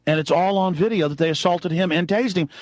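A man hosting a radio talk show, delivering a heated, angry political rant that builds into shouting. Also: high voice, no room sound, muffled recording. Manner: fast, angry, rising to shouts. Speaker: radio host.

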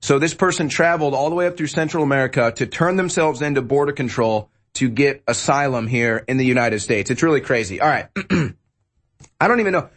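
A man's voice: mid-range voice, brisk. A young man co-hosting a political talk show, joking and sarcastic, sometimes breaking into mock-shocked voices. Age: young adult. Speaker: co-host.

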